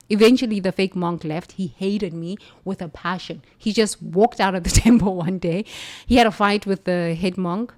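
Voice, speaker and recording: A woman from the United States, a former nun, telling a spiritual story in an emphatic, animated way. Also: fairly low pitch, normal speed. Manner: animated, emphatic, laughs between lines.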